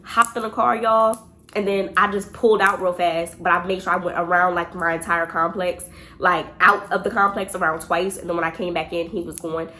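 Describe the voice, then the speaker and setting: A young woman vlogger telling a storytime, chatty and animated, talking straight to her viewers. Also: on the low side, brisk. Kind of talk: storytime vlog.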